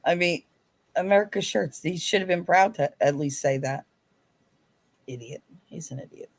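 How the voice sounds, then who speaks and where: A woman's voice: lowish voice, normal speed. A woman in casual chat, blunt and scornful about someone.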